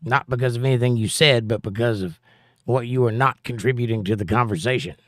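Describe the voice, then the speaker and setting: A man's voice: medium pitch, brisk, a bit bright, no echo, studio quality. A man hosting a live stream, reading chat aloud and answering with blunt, sarcastic put-downs.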